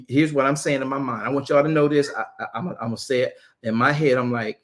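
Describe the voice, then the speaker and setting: A man with a medium-pitched voice leads a casual Bible study as its apostle, speaking quickly with few pauses. Animated and joking, he talks straight to his group, often repeating and restarting his phrases.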